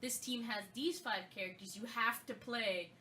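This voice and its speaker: A woman's voice: on the high side, moderate pace, distant mic, over a noisy crowd. A woman co-hosting a casual gaming podcast, telling a long story with many fillers and restarts. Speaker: podcast co-host.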